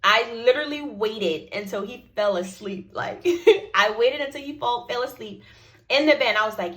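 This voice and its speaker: A young woman tells a personal story to her viewers in a casual vlog. Her voice sits a little high. She acts out both sides of each conversation as she goes. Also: moderate pace, fairly bright tone. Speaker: vlogger.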